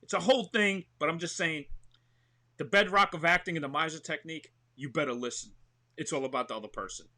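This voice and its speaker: Excitable New actor, bright voice. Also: male voice, a little high, fast. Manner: excitable, talks with hands-on examples, many "you know what I mean". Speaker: actor and show host, guest. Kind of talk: animated conversational interview.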